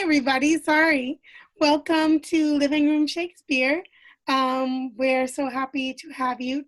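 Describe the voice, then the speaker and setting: High-voiced woman hosting a live stream. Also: no room sound, rough recording. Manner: apologetic, upbeat. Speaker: host. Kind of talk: casual introduction to a live stream. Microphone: video call.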